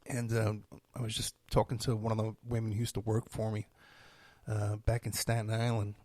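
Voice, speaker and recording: A middle-aged man, hosting a podcast and telling stories in a rambling, animated monologue. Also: on the low side, moderate pace, dry recording. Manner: rambling, animated storytelling with laughs and asides. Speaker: podcast host.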